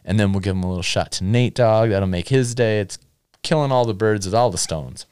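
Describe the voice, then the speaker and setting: A man's voice: fairly low pitch, brisk, darkish tone, clean tone, no echo, studio quality. A man hosting a podcast, casually telling a long, rambling story with lots of fillers and swearing. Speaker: podcast host. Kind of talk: casual chat.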